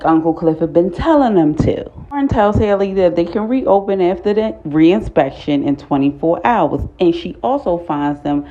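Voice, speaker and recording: A woman talks through a TV episode in a casual, blunt way, swearing freely. Her voice sits low and warm. The recording is dull and lo-fi. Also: normal speed, few pauses. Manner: animated, blunt and profane, laughs often. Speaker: TV recap vlogger.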